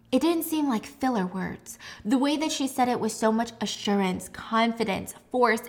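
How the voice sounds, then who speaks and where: Chatty woman storyteller. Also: a little high. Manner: chatty, animated narration. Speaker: podcast host, storyteller. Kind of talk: casual true-crime-style story retelling.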